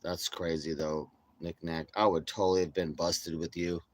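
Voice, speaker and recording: A man's voice: deep voice, flat delivery, normal speed. A middle-aged man hosting a livestream, telling rambling, profane stories full of acted-out quotes in a casual chat style. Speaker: livestream host.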